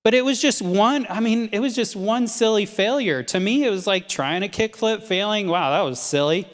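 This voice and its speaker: A man with a notably high voice tells a training story with animated energy, laughing between anecdotes. His voice rings out with a long reverb trailing behind it. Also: moderate pace. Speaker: team leader giving a training talk. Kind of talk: motivational storytelling.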